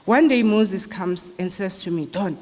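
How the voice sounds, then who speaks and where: This is a eulogy from a middle-aged South African woman, told as casual anecdotes at a memorial service. Her medium-pitched voice is darkish in tone and a little slow, echoing with the long reverb of a large hall.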